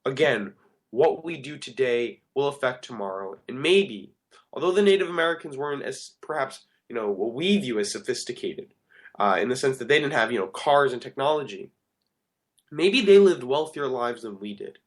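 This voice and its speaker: A man's voice: mid-range voice, very animated, normal speed. A man hosting a talk show, giving an earnest, rambling monologue that often corrects itself mid-sentence. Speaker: radio show host.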